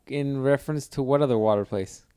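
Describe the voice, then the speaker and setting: A man co-hosting a casual podcast, relaxed, using playful slang and asking follow-up questions. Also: medium pitch, fairly quick, clear, resonant tone. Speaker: podcast co-host. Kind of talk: casual chat.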